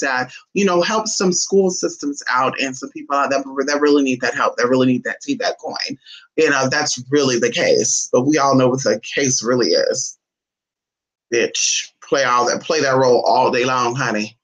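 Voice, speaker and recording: A sassy, loose-tongued vlogger talks at a mid pitch, neither high nor low, from a camera set down somewhere in a home. The speaker keeps tossing in "honey" and swearing, teasing a dog in sudden squeaky high bursts. The delivery is unpolished and off the cuff. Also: a bit bright. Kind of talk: casual, profane home vlog. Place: indoors at home. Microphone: phone or camera set down nearby.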